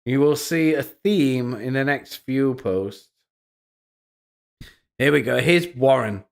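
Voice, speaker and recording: Gravelly man mocking posts on stream. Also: mid-range voice, takes it slowly. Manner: mocking, profane, frequent laughter. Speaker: live-stream host. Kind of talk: live-stream commentary on social media posts.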